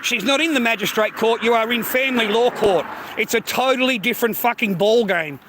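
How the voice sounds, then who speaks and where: A man's voice: very high voice, fairly quick, background noise. A man with an Australian accent ranting in a casual, heated, profanity-filled monologue. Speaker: streamer.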